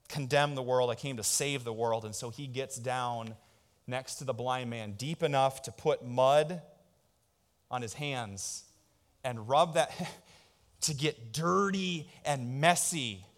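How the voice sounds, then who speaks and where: A male pastor with a fairly high, fairly bright voice calls on his congregation to respond as he preaches. The sermon rings out with long reverb through the church hall.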